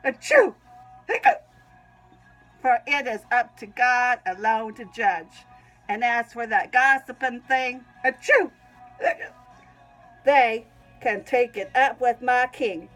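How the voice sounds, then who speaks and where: A woman's voice: a little high, takes it slowly, fairly bright tone, soft background music, low-quality recording. A woman with a Southern US accent reads her own Christian writing aloud, often breaking off to sneeze and giggle. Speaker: Christian vlogger.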